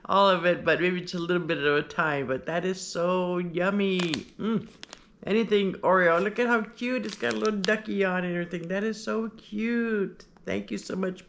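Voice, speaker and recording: A woman's voice: mid-range voice, creaky, fairly bright tone, slight background noise. Gushing woman vlogger unboxing gifts. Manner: gushing, rambling, many fillers. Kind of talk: casual unboxing chat.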